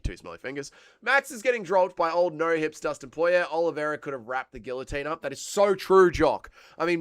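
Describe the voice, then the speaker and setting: A man's voice: fairly high pitch, a bit bright, clean tone, dry recording. An Australian man with a cold hosting a livestream, chatting casually with his viewers, rambling and swearing a lot. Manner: crude, swearing, rambling banter. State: has a cold. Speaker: livestream host. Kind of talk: casual chat reading live chat.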